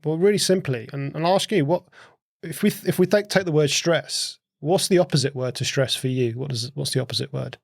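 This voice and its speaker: Male co-host, gravelly tone, dry close mic, loose explanatory chat with restarts. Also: fairly high pitch, brisk, dry recording. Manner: repeats and restarts words, asks questions. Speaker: podcast co-host. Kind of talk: casual conversational explanation.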